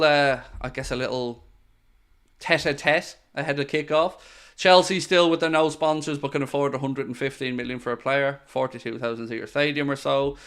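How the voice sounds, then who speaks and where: A man's voice: fairly high pitch, smooth. A man hosting a live football watchalong, chatting eagerly with viewers and calling the build-up to kickoff. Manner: excitable, pleading, chatty with viewers. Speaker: watchalong host.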